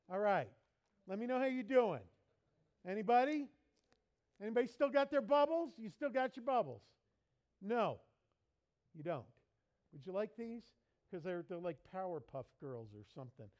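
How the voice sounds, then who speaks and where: A man preaching in a church as pastor, lively and playful, mimicking people for laughs. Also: high voice, normal speed, pauses often. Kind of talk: sermon.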